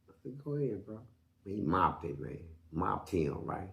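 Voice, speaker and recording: Gravelly man telling prison stories. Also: moderate pace, roomy sound. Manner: animated, acts out quotes with big jumps in pitch; profane street slang. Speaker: interview guest. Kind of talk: storytelling in an interview.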